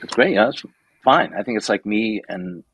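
A man in his sixties with a low, gravelly, somewhat husky voice, recorded dry and close. He chats through anecdotes in a loose, animated way, swearing casually and acting out the voices of the people he quotes. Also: moderate pace, no room sound, poor audio. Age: 60s. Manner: animated, swears freely, acts out quoted dialogue. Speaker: guest photographer. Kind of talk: casual interview storytelling.

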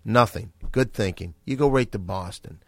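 A man's voice: lowish voice, normal speed, dry recording, clean studio sound. A man hosting a comedy radio show, bantering and scolding his co-hosts.

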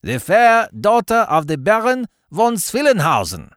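A man's voice: high voice, wildly swooping pitch, a little slow, fairly bright tone, dry recording, studio quality, pitched above the performer's own voice, heavily acted. Man playing a bellowing blustery baron. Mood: boisterous toasting. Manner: bellowing, pompous proclamations. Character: blustering boisterous mustachioed nobleman, middle-aged man.

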